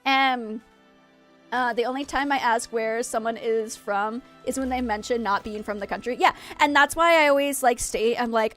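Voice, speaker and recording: A woman streaming and chatting casually with her viewers, frank and quick to vent. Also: a little high, a bit bright, faint music behind. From United States.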